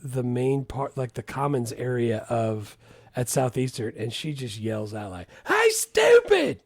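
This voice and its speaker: A man's voice: medium pitch, steady tone, unhurried, mellow, no room sound. A man co-hosting a podcast in casual chat, loose and full of fillers, often saying "dude" and "freaking". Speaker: podcast co-host.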